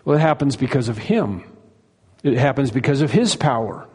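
A man's voice: mid-range voice, animated, normal speed, a little mellow, breathy edge. A man preaching an expository sermon in earnest tones, repeating key phrases for emphasis. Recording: long reverb of a large hall.

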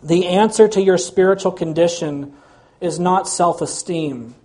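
A man's voice: sits high, a little slow, darkish tone. A man preaching a sermon in an earnest, emphatic way. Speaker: pastor.

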